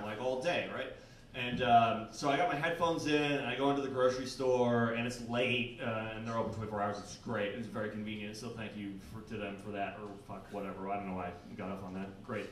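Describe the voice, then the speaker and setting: A young man performs a stand-up set in a bar basement, rambling and self-deprecating, packing in "like" and swearing. His voice is medium-pitched and a bit bright. A handheld recorder out in the room picks him up from a distance, giving echo and faint room noise.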